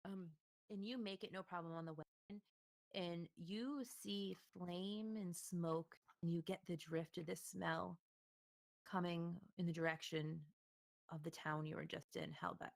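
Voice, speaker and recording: A woman narrating a tabletop role-playing game as game master, in a lively, expressive way. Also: fairly low pitch, a little slow, creaky.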